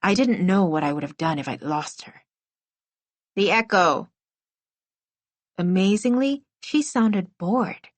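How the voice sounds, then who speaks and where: A woman's voice: medium pitch, animated, normal speed, hardly any pauses, a little mellow, no room sound. A woman reading a first-person middle-grade novel aloud as an audiobook narrator, telling it expressively.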